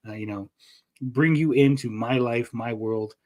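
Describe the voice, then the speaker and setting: A man's voice: medium pitch, a little slow. A man hosting a casual livestream, rambling and joking as he reads out chat messages. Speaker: livestream host.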